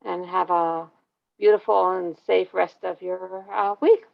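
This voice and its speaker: Casting: woman host with a gravelly edge, upbeat sign-off, dull lo-fi call audio. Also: lowish voice, steady tone, unhurried. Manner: upbeat, wrapping up. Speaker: event host. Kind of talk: closing remarks. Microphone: video call.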